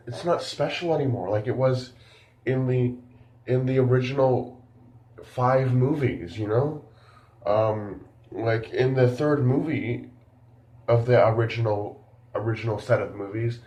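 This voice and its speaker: A man's voice: medium pitch, a little mellow, echoey room. A man giving a casual spoken film review, rambling and incredulous, full of fillers.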